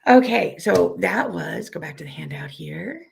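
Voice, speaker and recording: A woman with a weak, hoarse voice from a recent illness gives a friendly, self-deprecating live software tutorial and repeats each step slowly. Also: lowish voice, expressive. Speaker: software instructor.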